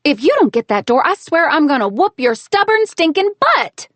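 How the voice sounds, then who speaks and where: A woman's voice: high voice, expressive, brisk, dry recording, pitched above the performer's own voice. A woman voicing a flustered, exasperated young woman calling out in a raised, exclamatory way.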